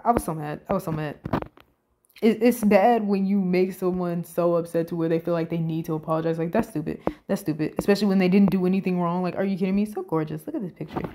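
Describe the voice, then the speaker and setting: A woman giving casual, profane commentary on a reality show, animated and incredulous. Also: fairly low pitch, fast talker, slight background noise.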